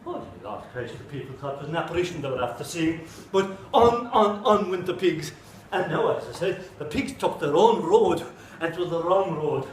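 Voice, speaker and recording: A man with an Irish accent telling a folk tale live in an animated way, full of comic asides. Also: on the high side, moderate pace, few pauses, reverberant, slight background noise, low-quality recording. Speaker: storyteller.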